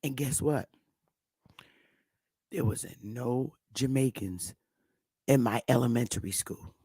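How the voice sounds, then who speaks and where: A woman's voice: rumbling low, takes it slowly, creaky, warm tone, husky, no echo. A woman in her fifties from Connecticut, telling stories in a blunt, profane, emphatic rant to her viewers. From Connecticut, USA. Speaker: vlogger. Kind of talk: casual storytelling rant.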